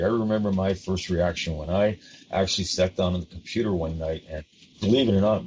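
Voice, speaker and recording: An emphatic man hosts a talk show, his low voice pressing each point with earnest repetition. The audio is dull and lo-fi, with faint ambient noise behind him. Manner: emphatic, earnest, repeats words for effect. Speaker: show host. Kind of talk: impassioned talk-show chat.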